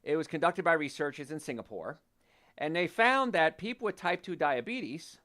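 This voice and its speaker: A man's voice: moderate pace, dry recording, clean studio sound. A man hosting a health talk show, speaking casually and telling stories about his patients. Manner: animated, storytelling, quotes patients in lowered voice. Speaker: health show host, doctor.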